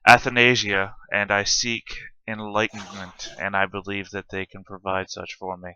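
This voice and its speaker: A man's voice: on the low side, little pitch movement, normal speed, bright, forceful tone, slight background noise. A man playing a tabletop game as a player, with dry, blunt humor, on a dull, dry lo-fi microphone. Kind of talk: tabletop game role-play.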